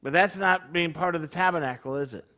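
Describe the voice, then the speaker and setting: A man's voice: fairly high pitch, quick pace, bright, forceful tone. A man leading his congregation in a conversational sermon, full of rhetorical questions. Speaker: congregation leader.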